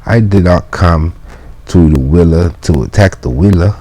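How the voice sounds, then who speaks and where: A man voicing a loud, impatient male mailman who shouts and demands to be let in through a door, reading from a Latin lesson. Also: low-pitched, moderate pace, dry recording. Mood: protesting.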